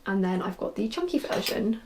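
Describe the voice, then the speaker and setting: A woman's voice: mid-range voice, very animated, fairly quick, a little mellow, a little hiss or hum. A young woman, chatty and rambling, talking casually about her knitting projects with frequent ums and restarts. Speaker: knitwear designer podcaster.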